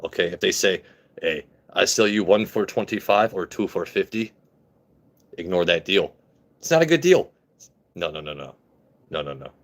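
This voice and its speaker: A man's voice: deep voice, animated, moderate pace, long pauses. A man putting on a playful shopkeeper voice, giving stern mock advice about not overpaying.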